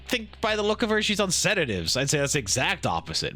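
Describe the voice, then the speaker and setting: A man streaming a game live, reading the dialogue aloud with quick asides and frequent laughs. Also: on the high side, wildly swooping pitch, sharp tone, soft background music.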